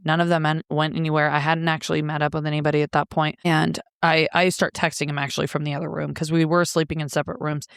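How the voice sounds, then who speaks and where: A woman recounts a raw personal story in a blunt, profane, emotional way. Her voice comes through smooth and clear. She is recorded close up in a dry, deadened room. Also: sits low, flat delivery, fast talker, hardly any pauses, no room sound. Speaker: guest.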